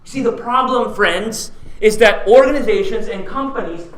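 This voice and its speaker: A man's voice: high voice, moderate pace, a bit bright, recorded from a distance. A man from the Philippines giving a punchy conference keynote, firing rhetorical questions at the audience. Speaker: keynote speaker. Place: large conference hall. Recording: echoey hall, voice from afar.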